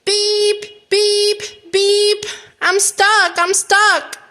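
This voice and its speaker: A woman voicing a cheerful little male blue truck in a children's storybook read-aloud, with eager, bright beeping. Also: extremely high pitch, little pitch movement, very slow, soft background music, pitched above the performer's own voice, heavily acted. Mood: panicked.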